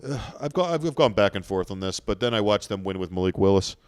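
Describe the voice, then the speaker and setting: A man's voice: on the low side, expressive, fast talker, clean tone, no room sound. Man in casual sports banter. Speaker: podcast co-host.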